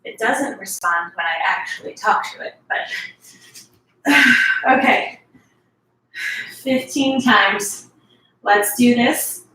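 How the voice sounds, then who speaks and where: A woman's voice: on the high side, expressive, slow pace, pauses often, fairly bright tone, recorded from a distance, a little hiss or hum. A woman leading a workout, encouraging and chatty as she counts reps and sighs between sets. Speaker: fitness instructor. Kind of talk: workout instruction. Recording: echoey room, voice from off-mic.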